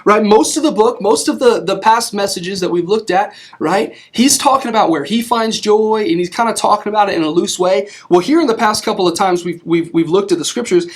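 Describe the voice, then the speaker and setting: A young man giving a casual sermon, conversational, with frequent restarts and many asides of "right?" to his listeners. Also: high voice. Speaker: youth preacher.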